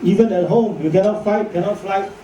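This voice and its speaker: A man's voice: high-pitched, brisk, dark tone. A man giving a chatty medical lecture to doctors, joking and asking rhetorical questions. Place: lecture hall. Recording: echoey hall from far off, faint noise.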